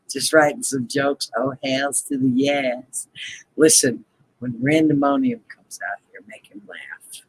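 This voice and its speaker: A man's voice: medium pitch, slow pace, long pauses, husky, no room sound, low-quality recording. A man hosting a casual live stream, chatting playfully with viewers, greeting them by name and laughing often.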